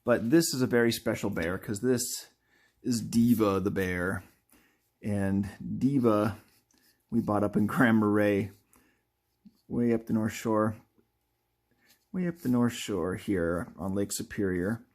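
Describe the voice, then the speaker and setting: A man's voice: fairly low pitch, slow, pauses often, darkish tone. A man hosting a live drawing video, chatting casually in a rambling, playful way that keeps correcting itself. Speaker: artist and video host.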